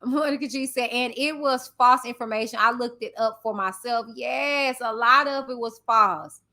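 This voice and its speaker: A woman from Texas with a Southern accent, hosting a livestream and reading viewer comments aloud in a loud, passionate, chatty way. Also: on the high side, moderate pace. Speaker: livestream host reading chat. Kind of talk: casual chat with viewers.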